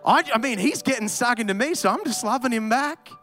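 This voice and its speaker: High-voiced man preaching animatedly. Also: a little fast, soft background music. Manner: animated, rising to loud emphatic preaching. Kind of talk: sermon with personal storytelling.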